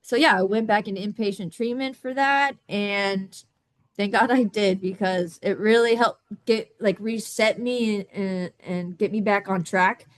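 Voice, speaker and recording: A woman in her thirties speaking on a video call, telling her own story in a halting way with many restarts and repeated words. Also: medium pitch, no room sound. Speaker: summit guest speaker. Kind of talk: candid personal storytelling.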